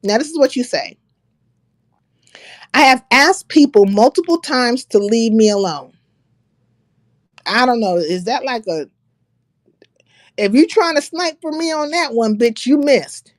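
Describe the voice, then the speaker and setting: A woman's voice: on the high side, no echo. A woman hosting a livestream, casually reading out another creator's words and rebutting them with blunt, profane sarcasm. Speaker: livestream host.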